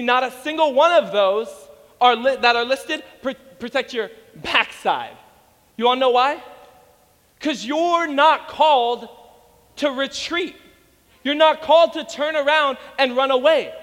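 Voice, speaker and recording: A man preaching an energetic sermon to a congregation, telling stories and acting out the voices of the people in them. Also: very high-pitched, in a large hall. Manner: animated storytelling, acts out voices. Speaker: pastor.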